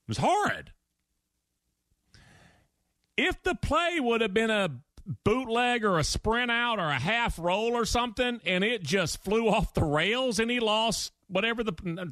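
A man's voice: high-pitched, unhurried, no room sound, studio quality. A man hosting a sports radio show, telling stories with emphasis and acting out quotes. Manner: animated storytelling, acts out quotes, emphatic. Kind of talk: opinionated sports talk monologue.

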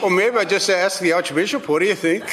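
A man's voice: sits high, a little fast, big-room sound. A man speaking as a governor at a press briefing, joking as he brushes off a question. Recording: played press room clip with crowd.

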